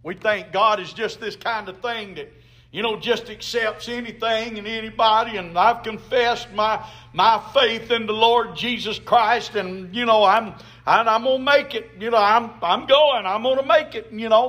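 A man's voice: extremely high pitch, a little slow, sharp tone. A man preaching a sermon as a pastor, emphatic, with call-and-response to the congregation.

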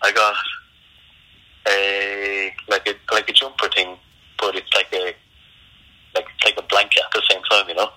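A young man in casual chat, giving short, hesitant replies with many pauses. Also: lowish voice, monotone, pushed and bright, husky, poor audio.

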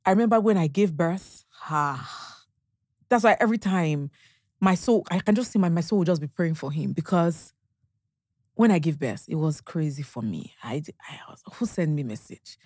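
A woman's voice: on the low side, lively intonation, moderate pace, a little mellow, dry recording, clean studio sound. A young Nigerian woman with a Nigerian accent, a podcast guest chatting casually, telling stories animatedly, acting out bits of dialogue and laughing often. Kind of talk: casual storytelling chat.

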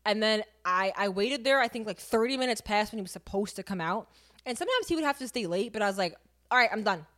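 Young woman, podcast co-host, chatty candid storyteller, mid-pitched voice. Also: animated, fast, a bit bright. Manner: chatty, filler-heavy, vivid storytelling. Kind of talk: candid casual chat.

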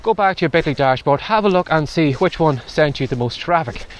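Slightly out of breath, a podcast host dispenses chatty advice on a casual walking vlog, out in strong wind and rain. His fairly high voice is animated and fairly quick.

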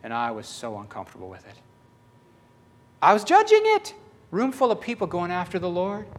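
Man, high-pitched, swooping intonation, storytelling sermon, acts out dialogue. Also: huge pitch swings, normal speed. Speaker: preacher.

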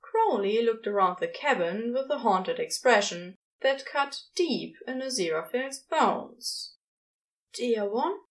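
A woman reading a fan story aloud in a gentle, expressive narration. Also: fairly high pitch, measured pace, hardly any pauses. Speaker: podfic reader. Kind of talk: scripted narration.

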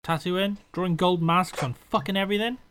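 A man's voice: high-pitched, a little fast, background noise. A man hosting a casual podcast chat, teasing his guest and laughing often. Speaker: podcast host.

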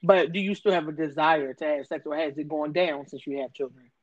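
A woman's voice: low voice, steady tone, brisk. A woman in her thirties co-hosting a casual podcast chat, blunt and teasing, swearing freely. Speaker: podcast co-host. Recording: dry, dull lo-fi sound.

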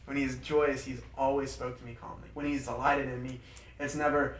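A man leading a small group Bible study in an informal, animated way, repeating points for emphasis and laughing through his stories. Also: medium pitch, brisk. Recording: roomy, distant mic with faint background noise.

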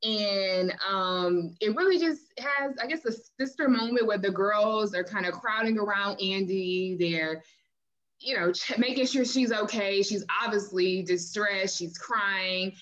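A woman's voice: medium pitch, unhurried, fairly bright tone. Chatty woman podcast host, lo-fi sound. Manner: chatty, laughs often, retells scenes. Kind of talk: casual recap chat. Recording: dull lo-fi mic.

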